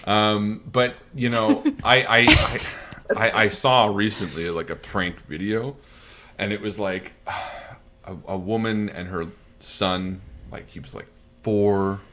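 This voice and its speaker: A man's voice: lowish voice, slow, a crowd in the background. A man hosting a tabletop game stream, chatting casually and telling rambling stories with lots of fillers and swearing. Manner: loose, swearing, rambling storytelling full of fillers. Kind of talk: casual chat.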